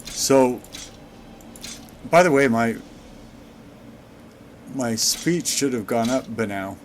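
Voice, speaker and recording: A man talking over his own gameplay with dry, sarcastic asides, slow and unhurried in pace. His voice sits at a middling pitch with a faint hiss behind it. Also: animated. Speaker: let's play gamer. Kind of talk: gameplay commentary.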